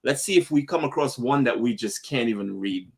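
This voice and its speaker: Brief: male travel vlogger, casual live chat, laughs a lot, mid-pitched voice. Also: animated, fairly quick, breathy edge. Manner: chatty, laughs often, reads viewer comments.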